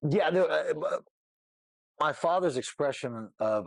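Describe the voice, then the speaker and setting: A man's voice: medium pitch, animated, measured pace, no echo. A middle-aged man speaking as an interview guest, telling his story candidly and rambling with lots of "you know what I mean" asides.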